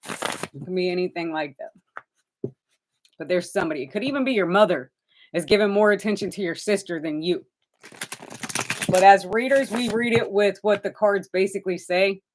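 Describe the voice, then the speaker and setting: A woman's voice: mid-range voice, a little hiss or hum. A woman giving live tarot readings to viewers, chatty and direct, addressing them by name and calling them honey. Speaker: tarot reader.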